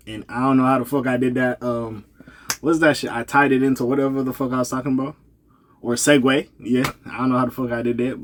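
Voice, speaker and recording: A man giving casual, rambling vlog commentary, loose and slangy, laughing and correcting himself, tired and yawning. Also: medium pitch. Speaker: commentary vlogger.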